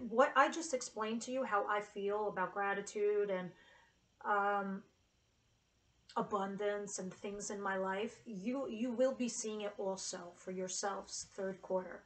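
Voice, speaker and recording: A woman's voice: medium pitch, a bit bright, poor audio. A woman giving a casual tarot reading to camera, earnest and emotional, with casual swearing. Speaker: tarot reader.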